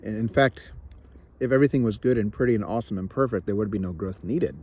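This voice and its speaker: A young man with a lowish voice talks straight to the camera in a reflective personal vlog. He is candid and self-deprecating, and he often stops, restarts and repeats his words as he works through his thoughts. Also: fast, a little mellow. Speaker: vlogger.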